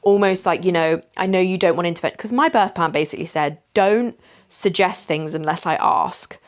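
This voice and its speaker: A young woman speaks in a slightly low voice. She talks casually and candidly, chatty, sprinkling in "like" and "you know" as she recounts her own experience. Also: a little fast. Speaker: vlogger. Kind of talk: casual storytelling.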